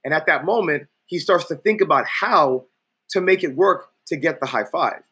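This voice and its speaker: Husky, profane man coaching. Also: on the high side, moderate pace, bright, forceful tone. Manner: profane, emphatic, acts out quotes in shifting voices. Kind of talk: coaching talk with acted-out anecdotes.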